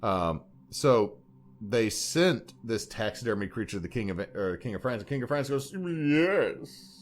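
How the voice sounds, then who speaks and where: A man's voice: fairly low pitch, expressive, moderate pace. A man co-hosting a podcast in casual chat, rambling and joking as he talks. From Louisiana. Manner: rambling, joking, puts on silly voices. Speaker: podcast co-host.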